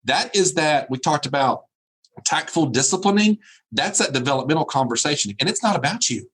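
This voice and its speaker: A husky-voiced man delivers a motivational keynote over a remote video call. He preaches with emphasis and leans on repeated phrases. His pitch swings widely, rising and falling as he drives each point home. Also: lively intonation, brisk, fairly bright tone. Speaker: keynote speaker.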